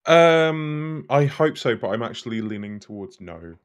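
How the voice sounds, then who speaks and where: A man's voice: medium pitch, animated, a little slow. A man co-hosting a casual gaming podcast, frank and blunt, swearing offhandedly. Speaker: podcast co-host.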